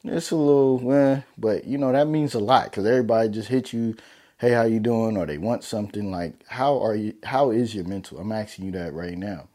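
Talking a little fast and hardly pausing, a young male vlogger with a mellow, low-leaning voice gives his viewers a casual pep talk to camera. The delivery is slangy, loose and heartfelt, full of "man" and "you know."

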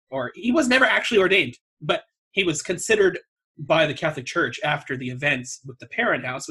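Bright husky-voiced man telling a story. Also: fairly high pitch. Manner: wry, swears freely, laughs at himself. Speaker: podcast co-host. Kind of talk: casual storytelling chat.

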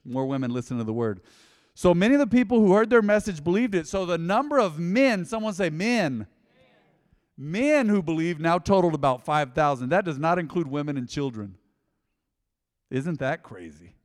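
A pastor preaching a sermon, swinging between loud emphasis and hushed asides. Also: male voice, fairly high pitch, long reverb tail. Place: church hall.

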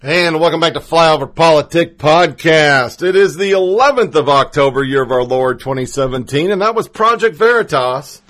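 A man's voice: on the high side, animated, normal speed, few pauses, fairly bright tone. A man hosting a political podcast, talking casually and with strong opinions, stumbling over names now and then. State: has the hiccups. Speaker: podcast host.

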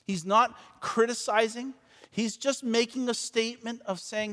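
A man preaching a sermon as pastor, repeating words as he stumbles, swinging between loud and soft passages. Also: very high voice, fairly even intonation, a little slow. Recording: long reverb of a large church hall.

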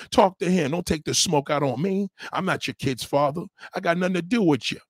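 A man's voice: a little high, fairly quick, few pauses, no echo, studio quality. A man hosting a livestream, scolding a viewer in a heated, repetitive rant. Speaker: livestream host. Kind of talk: ranting commentary.

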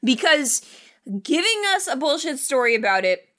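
A woman's voice: high voice, sing-song, moderate pace, a bit bright. An American woman in casual conversation about a movie, wry and chatty, swearing now and then. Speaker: movie podcast co-host. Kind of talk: casual film review chat.

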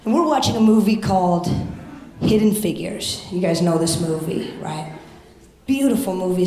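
A young adult woman doing a stand-up comedy set, brash and profane, jumping up to shout her punchlines. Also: medium pitch. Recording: echoey live club.

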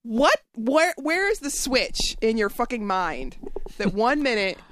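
Lively, profane female co-host. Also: on the high side, measured pace, dry recording. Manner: blunt, profane, laughs often. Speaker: podcast co-host. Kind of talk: casual comedic news chat.

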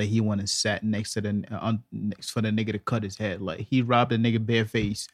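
A man's voice: on the low side, no room sound, clean studio sound. A man co-hosting a podcast, telling stories loosely in casual chat. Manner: loose storytelling with frequent laughs. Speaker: podcast co-host.

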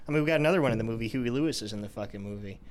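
A man's voice: medium pitch, racing, over a noisy crowd. A man hosting a movie podcast, steadily walking through the plot scene by scene in casual chat. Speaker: podcast host leading the recap.

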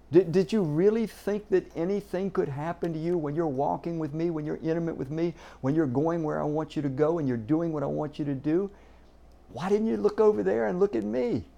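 A man's voice: a little high, moderate pace, creaky, warm tone, pitched above the performer's own voice. A man voicing an exasperated male teacher scolding his frightened followers with irritated questions.

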